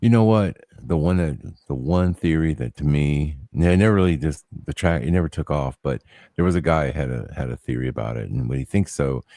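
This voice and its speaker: A man's voice: extremely low pitch, a little fast, warm tone, no room sound, clean studio sound. A man co-hosting a podcast, rambling through a theory with many fillers and restarts. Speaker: podcast co-host. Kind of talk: casual chat.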